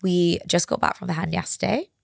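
A woman's voice: on the low side, a little fast, gravelly, dry recording, clean studio sound. A woman hosting a podcast, hungover and shaky, talking in a chatty, blunt, joking way. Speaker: podcast host. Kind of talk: casual chat.

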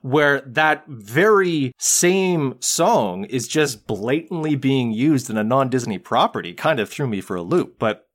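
A man's voice: mid-range voice, lively intonation, measured pace, few pauses, a bit bright. A man co-hosting a podcast in casual chat, explaining film history at length. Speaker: podcast co-host.

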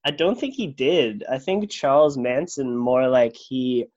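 A man playing a halting, stammering celebrity, lively pitch, dull lo-fi audio. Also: lightly acted. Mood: flustered. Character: awkward, stammering male movie star. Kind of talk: improvised comedy sketch.

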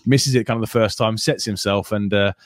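Fast-talking English man, low voice. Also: steady tone, dry recording, clean studio sound. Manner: fast, chatty, full of stats. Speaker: podcast co-host. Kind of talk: casual football chat.

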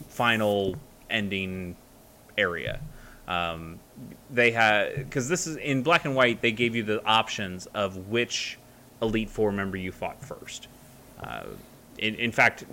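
A man's voice: on the low side, bright, forceful tone, slight background noise. A man chatting casually as a co-host, rambling with many fillers and restarts. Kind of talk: casual chat.

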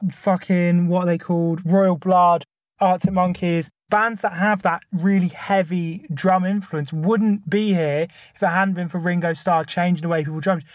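A man's voice: high-pitched, no room sound, studio quality. Chatty man arguing his points. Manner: enthusiastic, argues point by point with many fillers. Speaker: podcast co-host. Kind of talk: casual chat.

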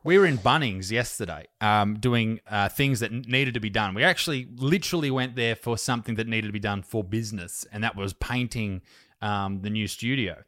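A man's voice: on the low side, a little fast, a bit bright, no echo, studio quality. An Australian man talking casually on a remote call, telling stories animatedly and swearing freely. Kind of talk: casual chat.

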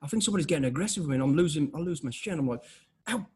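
Speaking quickly in a husky, fairly high-pitched voice, a man who once served in special forces tells stories casually as an interview guest. His delivery is blunt and animated, full of restarts and acted-out dialogue.

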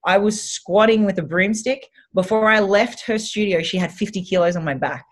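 A woman with an Australian accent, telling stories as an animated, chatty podcast guest who swears casually. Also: medium pitch, normal speed.

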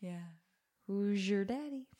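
A woman's voice: mid-range voice, slow pace, dark tone, slight background noise. A woman co-hosting a podcast in casual chat, giggly and blunt, with easy swearing. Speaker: podcast co-host.

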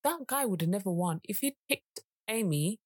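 A woman's voice: mid-range voice, lively intonation, moderate pace, slightly rough, no room sound, clean studio sound. A young woman co-hosting a casual chat podcast, talking earnestly with many fillers. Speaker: podcast co-host.

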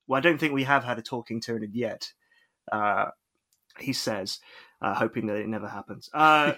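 A man's voice: mid-range voice, moderate pace, bright, forceful tone. A man co-hosting a podcast, chatting casually with many fillers and restarts into a podcast microphone. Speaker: podcast co-host.

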